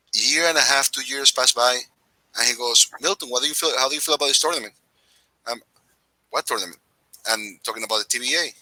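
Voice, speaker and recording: A man's voice: medium pitch, bright, forceful tone, dry recording, low-quality recording. A middle-aged man, a podcast guest, telling his fight story in a casual interview, with many restarts and acted-out quotes.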